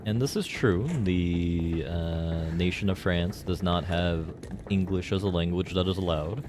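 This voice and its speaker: A man with a deep, low voice talks through a game on a live stream. He rambles loosely from one joke to the next and leans on filler words as he goes. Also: a little slow, background noise. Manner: rambling and jokey, heavy on fillers. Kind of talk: casual live gameplay commentary.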